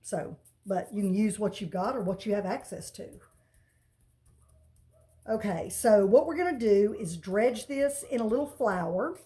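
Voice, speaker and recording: A woman's voice: mid-range voice, expressive, unhurried, mellow. A middle-aged woman, hosting a casual cooking demonstration in a chatty, folksy way with rambling asides. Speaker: cooking channel host.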